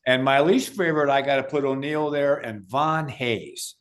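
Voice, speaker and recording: A man's voice: mid-range voice, moderate pace. An older man, a retired umpire co-hosting, telling wry joking anecdotes in casual chat. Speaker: co-host, retired baseball umpire.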